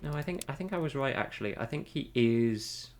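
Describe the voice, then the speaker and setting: A man's voice: medium pitch, expressive, brisk, music in the background. A man streaming a game, who talks to himself in a casual, rambling way and often corrects himself. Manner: thinks aloud, rambling and self-correcting. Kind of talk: casual gameplay commentary.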